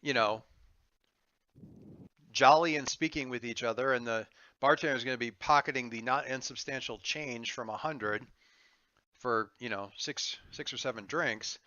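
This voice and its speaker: Man, game master, rambling, playful, bright voice, lo-fi call audio. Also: medium pitch, moderate pace, no echo. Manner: rambling, playful, thinks aloud with many fillers. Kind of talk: running a tabletop game over an online call.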